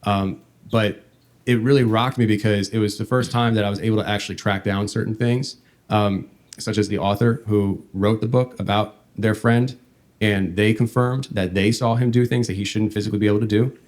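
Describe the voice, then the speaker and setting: A man hosting a podcast, telling a long story in a meandering, halting way. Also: fairly low pitch, fairly even intonation, darkish tone. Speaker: podcast host.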